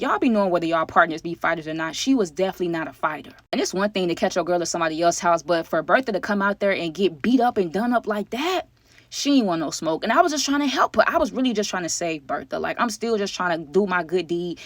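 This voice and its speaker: Young woman, fast animated storytime, lowish voice, dry close sound. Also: no echo. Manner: animated, addresses viewers as y'all. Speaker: storytime vlogger. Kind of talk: casual storytime.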